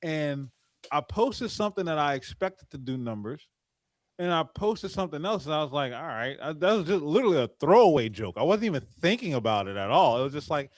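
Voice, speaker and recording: A man hosting a podcast, telling a story in excited casual chat with stammering restarts and swearing. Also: on the high side, fairly quick, dry recording. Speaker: podcast host.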